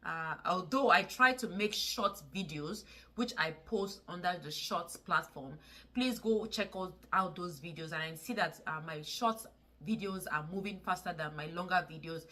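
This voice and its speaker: A woman's voice: lowish voice, moderate pace, sharp tone. A woman from Nigeria with a Nigerian English accent, talking to camera in a casual vlog, earnest and pleading, repeating words for emphasis. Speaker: vlogger.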